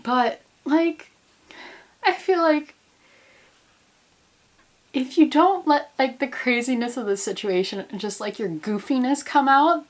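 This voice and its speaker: A high-pitched, slow voice that pauses often belongs to an American woman in her twenties, a grad student who vlogs. Stuck indoors at home in quarantine, she chats to camera in a rambling, goofy way, making fun of herself.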